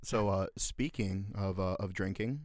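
A man's voice: low-pitched, a little slow, darkish tone, dry recording, studio quality. A man co-hosting a podcast, telling a laid-back story in casual chat. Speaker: podcast co-host.

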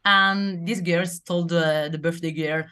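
A woman's voice: lowish voice, fairly even intonation, unhurried, pushed and bright, smooth. A young Italian woman, a native Italian speaker, chatting in an interview and telling her story with laughs and acted-out quotes. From Italy. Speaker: rugby player guest. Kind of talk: casual interview chat.

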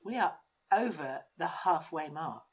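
A woman's voice: low-pitched, expressive, unhurried. A woman co-hosting a casual chat, playful and rambling, laughing at herself. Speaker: podcast co-host.

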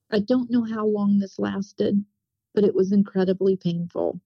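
A woman's voice: medium pitch, fairly even intonation, a little slow, no echo. Woman, earnest testimony, repetitive retelling, dry muffled recording. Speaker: testimony speaker. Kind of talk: personal spiritual testimony. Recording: dull, dry, lo-fi sound.

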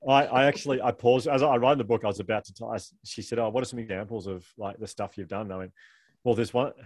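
A man with an Australian accent, a guest telling lively, laughing stories in a casual interview. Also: lowish voice, no echo. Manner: animated, laughing storyteller with fast rambling delivery. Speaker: author and guest.

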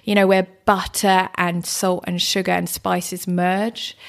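A woman chatting as a guest in an interview, telling stories about food and places in a lively, conversational way. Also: fairly low pitch, slow, creaky. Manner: chatty, warm storytelling with laughs. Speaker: guest, cook. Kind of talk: casual interview chat.

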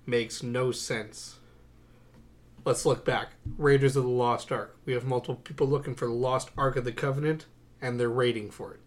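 A young man co-hosting a podcast, chatting casually about movies with a wry, sarcastic, animated delivery. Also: medium pitch, normal speed. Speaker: podcast co-host. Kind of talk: casual movie-review chat.

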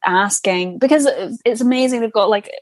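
A woman's voice: fairly high pitch, normal speed, dry recording. A young woman with a Scottish accent, chatting as an actor guest in a casual interview, talkative and given to swearing. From Scotland. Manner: chatty, swears freely, laughs often. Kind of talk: casual chat.

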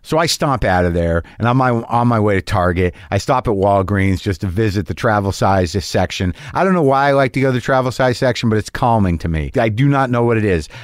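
A man's voice: on the low side, animated, a little fast, few pauses, no room sound, studio quality. A middle-aged man hosting a podcast, telling a comic story in a rambling, self-mocking way with sudden exasperated, profane outbursts. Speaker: podcast host.

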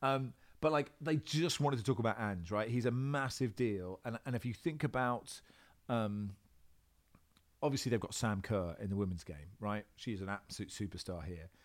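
A man's voice: on the low side, moderate pace. A man, a football presenter living in Australia, chatting in an interview with lots of restarts and fillers. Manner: rambling, animated, many restarts. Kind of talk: casual interview chat. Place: home in Australia.

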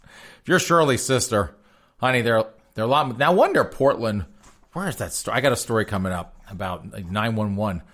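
A man's voice: lowish voice, animated, a little fast, fairly bright tone. A man hosting a podcast, reading odd crime stories aloud and mocking them in a folksy, sarcastic way, laughing often. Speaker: podcast host. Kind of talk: comedic news commentary.

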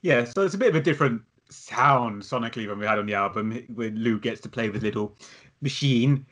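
A man's voice: mid-range voice, a little fast, fairly bright tone. A man co-hosting a podcast, chatting casually about an album with wry humour. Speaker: podcast co-host. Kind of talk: casual chat about music.

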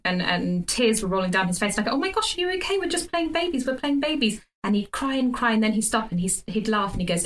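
Woman co-host, animated storyteller, teases a lot, chatting from home. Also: mid-range voice, poor audio. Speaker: podcast co-host. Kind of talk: casual chat.

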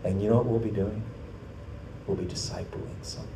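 Pastor guy telling a bible story in a sermon, swings from loud peaks down to a hush, echoey church. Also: steady tone, fairly quick, far from the mic, heavy background noise. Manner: storytelling, building to loud emphatic peaks then dropping low. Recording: echoey room, voice off-mic.

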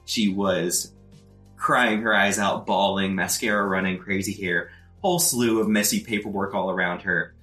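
A man with a low yet bright, forceful voice narrates a tabletop game as its game master. He tells the scene in a measured, descriptive way. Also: fairly even intonation, soft background music.

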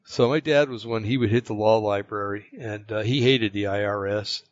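A man from the United States telling a personal story in casual chat, rambling and halting, with many fillers and restarts. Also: fairly low pitch, steady tone. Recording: dull lo-fi, dry sound.

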